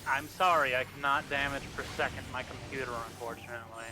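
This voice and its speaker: A man's voice: medium pitch, steady tone, fast. A man chatting casually on a stream, grumbling and exasperated as his friend teases him. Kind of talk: casual chat.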